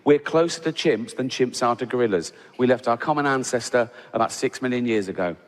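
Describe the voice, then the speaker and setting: English male comedian, conversational stand-up in a theatre, long hall reverb. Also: brisk. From England. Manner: conversational, keeps adding "right?", bursts into high laughing voices. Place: large theatre stage. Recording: live hall with audience.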